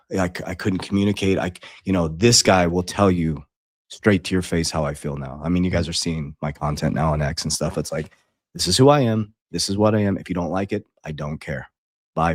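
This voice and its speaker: A man's voice: low-pitched, no room sound, clean studio sound. A middle-aged man, an online coach, telling a personal story to his followers in a blunt, profane, rambling way with many restarts.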